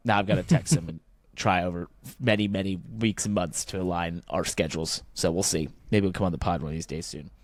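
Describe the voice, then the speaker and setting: Low-voiced rambling podcast co-host man. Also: a little fast, few pauses, no echo. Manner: rambling, thinks aloud with fillers, gets animated when ranting. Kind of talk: casual chat about motorsport.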